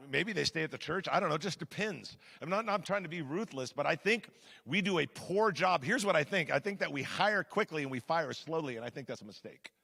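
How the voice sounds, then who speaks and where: A pastor preaching a sermon to his congregation in a conversational, emphatic way, swinging between loud and hushed. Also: on the high side, gravelly. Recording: long hall reverb.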